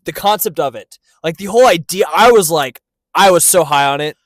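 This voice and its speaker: A man's voice: fairly high pitch, expressive, brisk, no room sound. A man co-hosting a podcast in casual chat, earnest and playfully dramatic. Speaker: podcast co-host.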